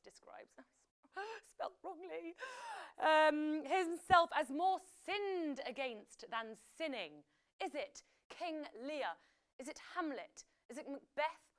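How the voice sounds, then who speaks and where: A woman's voice: high-pitched, a bit bright. A young woman hosting a live quiz, chatty and jokey, with playful whispered asides. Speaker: quiz host.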